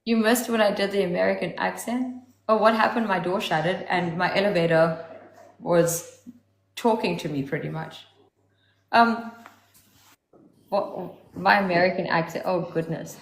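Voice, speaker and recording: A woman hosting a show, telling stories in a casual, animated way with a lot of swearing and quick asides. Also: on the low side. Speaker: host. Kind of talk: casual chat, storytelling. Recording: echoey room.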